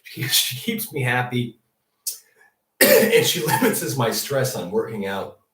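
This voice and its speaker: Young male host, animated swearing storyteller, lively pitch swings, roomy distant sound. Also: measured pace. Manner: profane, laughing, animated storytelling. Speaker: comedic news show host. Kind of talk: rambling comedic monologue. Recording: echoey room, distant mic.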